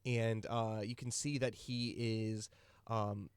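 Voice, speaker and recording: A man narrating a tabletop game as game master, in a relaxed way with many fillers. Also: fairly low pitch, takes it slowly, smooth, dry recording.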